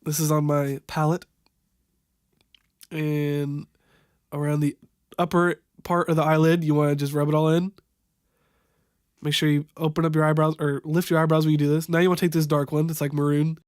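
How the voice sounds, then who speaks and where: A young man improvising a makeup tutorial voiceover, halting and stumbling over product names, wryly amused by what he sees. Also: on the high side, little pitch movement, a little mellow, smooth, no room sound, clean studio sound. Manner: wry, amused at the footage. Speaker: voiceover narrator.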